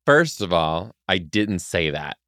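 Animated young man, slow and dry. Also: no room sound. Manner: playful, defensive, jumps high when protesting. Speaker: co-host. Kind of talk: casual banter.

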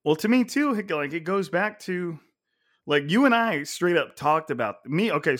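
Male sports-talk co-host, slightly high voice, animated and profane, casual delivery. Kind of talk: casual chat.

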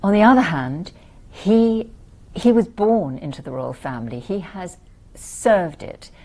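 A woman doing a formal British character with a Received Pronunciation accent, speaking in a crisp, deliberate way. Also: lowish voice, expressive, a little mellow, pitched above the performer's own voice. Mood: earnest.

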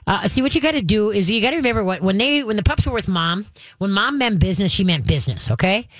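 A woman hosting a call-in radio advice show as a dog trainer, talking briskly and emphatically and dropping into slow, deep growls to demonstrate commands. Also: lively intonation, no room sound.

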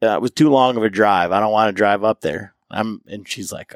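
A man's voice: on the low side, brisk, few pauses, dry recording, clean studio sound. A man co-hosting a podcast, chatting casually and acting out family conversations, with lots of "like.". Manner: chatty, acts out his daughter's lines, leans on "like". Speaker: podcast co-host.

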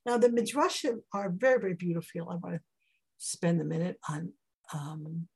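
Husky-voiced woman teaching a Bible class. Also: fairly low pitch, moderate pace, darkish tone. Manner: conversational, heartfelt. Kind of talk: Torah class lecture.

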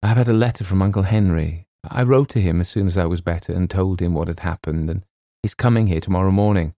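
A man voicing a sentimental young woman who speaks softly and earnestly, with small hesitations. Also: low-pitched, quick pace, no room sound, clean studio sound. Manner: soft, earnest, faintly hesitant. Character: sentimental young English woman, wistful and dutiful.

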